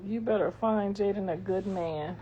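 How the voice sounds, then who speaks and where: A woman's voice: medium pitch, normal speed, mellow, a little hiss or hum. A middle-aged woman hosting a livestream, chatting casually and reading comments in a blunt, profane, sassy way. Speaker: livestream host. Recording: dull lo-fi livestream audio.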